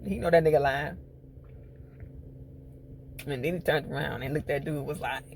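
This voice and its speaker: Man, casual TV episode recap, profane animated storyteller, higher-pitched voice. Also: moderate pace, creaky, long pauses, slight background noise. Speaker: TV show reviewer.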